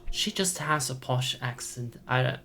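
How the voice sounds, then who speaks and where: A man's voice: medium pitch, measured pace, sharp tone, a little hiss or hum. Playful, goofy man commentating a game. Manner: playful and goofy, riffs on words and puts on silly voices. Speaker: let's play streamer. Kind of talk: casual gameplay commentary.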